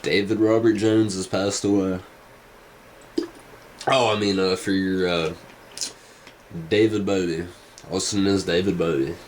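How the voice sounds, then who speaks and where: Casting: low-pitched man, slow drawling vlog ramble, faint background hiss. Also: fairly even intonation, rough recording. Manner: hesitant, many fillers and restarts. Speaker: vlogger. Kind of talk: casual rambling commentary.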